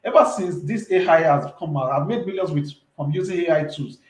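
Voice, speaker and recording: A man's voice: on the high side, fairly quick, reverberant, poor audio. A man, talking earnestly and emphatically as an entrepreneur guest in a casual interview, often repeating himself.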